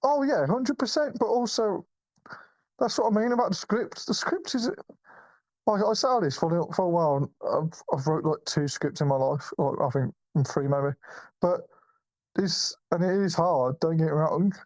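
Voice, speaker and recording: A man's voice: high-pitched, moderate pace, darkish tone, dry recording, low-quality recording. Rambling man, dry close sound. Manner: rambling, with many restarts and swearing. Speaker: podcast co-host. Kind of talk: casual film review chat.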